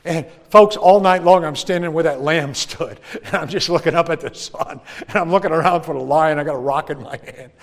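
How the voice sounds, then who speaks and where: A man telling a personal story to an audience in a lively way, acting out the other people's voices. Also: a little high, a little fast. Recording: long hall reverb.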